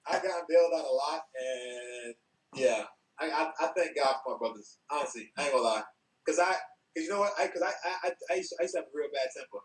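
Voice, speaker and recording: A man from New York, a guest on a podcast, telling stories with laughter and acted-out quotes in a relaxed chat. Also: on the high side, quick pace. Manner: animated, acts out quotes, laughs often. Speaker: podcast guest, former wrestler. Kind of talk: casual storytelling chat. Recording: roomy, from a distance.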